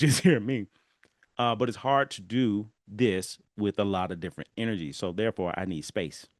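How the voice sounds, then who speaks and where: With a fairly low pitch and clean studio sound free of room noise, a man from Southern California hosts his solo podcast. He laughs as he spins lively stories and chats straight to the people listening.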